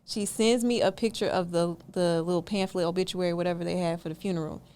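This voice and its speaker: A woman, a podcast guest telling a story in a punchy, slangy, animated way. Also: on the low side, fast talker, clear, resonant tone. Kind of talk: casual storytelling.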